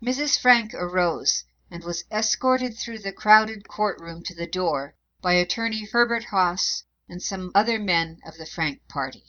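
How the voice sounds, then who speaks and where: Bright-voiced woman reading history. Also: mid-range voice, a little slow, few pauses. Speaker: narrator. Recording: dull lo-fi recording.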